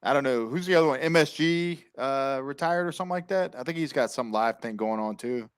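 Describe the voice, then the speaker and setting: A man's voice: medium pitch, brisk, clean tone, no echo. Laid-back swearing man, dry sound. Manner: laid-back, laughs often, swears freely. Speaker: guest veteran on live stream. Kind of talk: casual storytelling chat.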